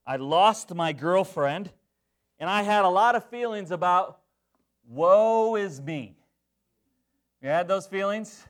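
A man's voice: high-pitched, moderate pace, a bit bright. A young adult man preaching a sermon, emphatic, often checking in with the congregation. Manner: emphatic, call-and-response asides to the congregation. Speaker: pastor.

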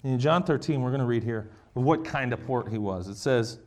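A man's voice: mid-range voice, a little fast. Man preaching in a conversational tone. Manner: conversational, acts out quoted lines. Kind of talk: sermon with scripture reading.

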